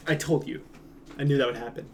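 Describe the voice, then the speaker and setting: A man's voice: mid-range voice, fast talker, a little hiss or hum. A young man, a streamer, chatting casually and reading comments aloud with a joking, rambling manner that trails off into mumbles.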